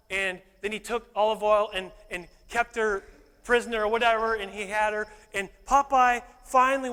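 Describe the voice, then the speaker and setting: A man's voice: high-pitched, a bit bright, clear, resonant tone. A male pastor preaching a sermon in a church, playful and joking one moment, fervent the next. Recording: echoey hall reverb.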